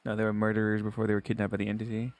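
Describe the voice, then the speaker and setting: A man's voice: fairly low pitch, completely flat delivery, rapid-fire, a little mellow, no room sound. A man streaming, reading a visual novel aloud and joking with his viewers in crude asides.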